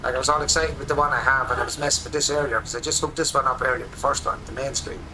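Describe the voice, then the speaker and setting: An Irish man in his forties, a streamer rambling excitedly through casual commentary while he plays a game at his home desk. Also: medium pitch, rapid-fire, noisy background. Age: 40s.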